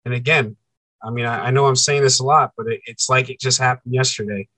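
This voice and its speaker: A man's voice: mid-range voice, fairly even intonation, fairly quick, sharp tone, no room sound. A man as a podcast guest, telling a personal story with intensity, repeating phrases and acting out what people said. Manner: intense, repeats phrases, acts out quoted dialogue.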